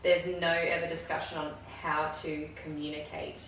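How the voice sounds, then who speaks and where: A candid woman, a guest nurse, tells her work stories with a filler "like" here and there. Her voice sits very low for a woman. She is picked up from a distance in a very echoey room, with faint ambience behind her. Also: flat delivery, moderate pace, a bit bright, slight background noise. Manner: candid, storytelling, slips into "like". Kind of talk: casual podcast chat.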